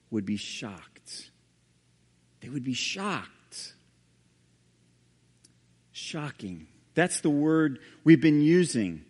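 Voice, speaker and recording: A male pastor preaching a sermon and reading scripture aloud, dramatic, with sudden hushed low drops on key words. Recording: long hall reverb.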